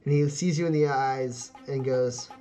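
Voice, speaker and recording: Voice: mid-range voice, fairly even intonation, normal speed, mellow, soft background music. A game master narrating a tabletop game in a loose, rambling way, full of fillers and laughter.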